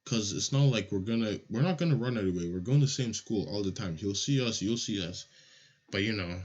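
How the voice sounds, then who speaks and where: A young man from Nigeria telling a childhood story in a casual, animated, profane way. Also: lowish voice, fairly quick, slightly rough. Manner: animated, swears a lot, acts out voices. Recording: lo-fi audio.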